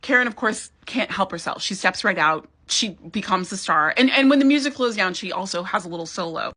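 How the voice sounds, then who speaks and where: A woman's voice: mid-range voice, pushed and bright. A woman doing a casual episode recap, chatty and emphatic, with sassy asides.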